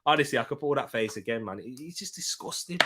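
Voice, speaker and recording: A young man hosting a live football watchalong, chatting casually and bursting into loud excited shouts at big moments. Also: mid-range voice, quick pace, very noisy. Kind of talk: live match commentary and chat.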